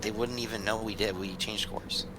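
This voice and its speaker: A man's voice: on the low side, steady tone, normal speed, background noise. A man playing in a tabletop game, arguing earnestly in character and hedging often. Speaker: player.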